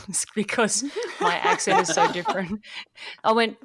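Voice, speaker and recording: A woman's voice: fairly high pitch, big pitch swings, unhurried, noisy background. A woman with an Australian accent, a guest on a podcast, chatting enthusiastically and telling stories with frequent restarts. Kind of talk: casual interview chat.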